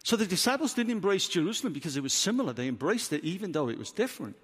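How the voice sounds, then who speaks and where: Welsh male preacher, bright high delivery with wide swings, emphatic sermon, reverberant church hall. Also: very animated, racing, slightly rough. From Wales. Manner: emphatic preaching with rhetorical questions. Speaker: pastor.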